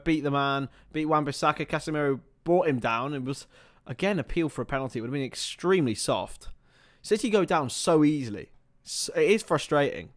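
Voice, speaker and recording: A man in a slightly high register calls a football match live for his stream. He lurches from excitable play-by-play into loose, chatty asides and swears offhandedly. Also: a little fast. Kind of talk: casual live match commentary.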